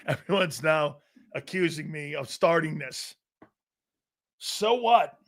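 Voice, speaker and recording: A middle-aged man hosting a live sports talk show, reading chat messages aloud, laughing often and arguing back loudly. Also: on the high side, takes it slowly. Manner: loud, excitable, laughs often, argues with chat.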